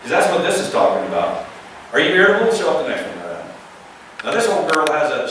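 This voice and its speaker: A male pastor preaching a lively sermon, asking the congregation questions and acting out the voices he quotes. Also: high-pitched, quick pace. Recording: echoey room, mic at a distance, faint background noise.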